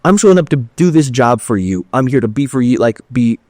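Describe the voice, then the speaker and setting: In a dry, studio-quality recording, a young podcast host with a mid-range, darkish voice talks fairly quickly with big swings in pitch. He tells a personal story candidly and loosely, peppered with "like" and casual swearing.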